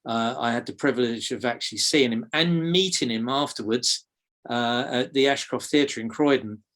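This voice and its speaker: English man, softened accent, mid-pitched, halting delivery full of fillers; interview guest. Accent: English, softened toward RP. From South London, England. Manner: hesitant, many fillers and repeated words. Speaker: magic teacher, guest. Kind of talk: conversational interview.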